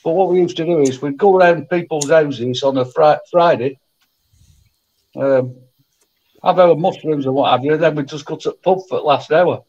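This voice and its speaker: Husky man reminiscing. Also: fairly high pitch, moderate pace, darkish tone, highs cut off. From England. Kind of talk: casual chat.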